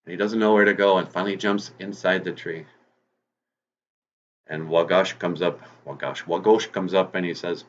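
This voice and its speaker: A man's voice: low-pitched, steady tone, moderate pace, muffled recording. A man telling a folk tale in a casual, chatty way as host of his own channel, with rambling restarts and asides.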